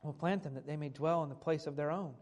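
A man's voice: fairly high pitch, fairly even intonation, fast, a little mellow. A man preaching a sermon who reads old scripture aloud and then restates it in plain everyday words. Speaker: pastor.

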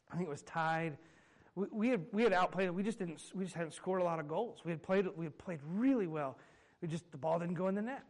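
A man in his thirties preaches with a high, bright voice. He tells everyday stories in an animated way, laughing at himself as he goes. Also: rough recording. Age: 30s. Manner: animated storytelling with self-mocking humor and chuckles. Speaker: pastor. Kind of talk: sermon.

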